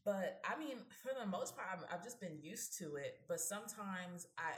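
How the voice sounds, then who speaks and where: A woman's voice: lowish voice, moderate pace. Young woman telling a story in a roomy room. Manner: animated storyteller who acts out both sides of a conversation. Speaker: podcast co-host. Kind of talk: casual panel chat, personal storytelling.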